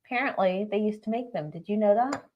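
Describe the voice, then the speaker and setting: A woman co-hosting a casual livestream podcast, teasing and blunt, quick to jump to a new topic. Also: mid-range voice, muffled recording. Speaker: podcast co-host.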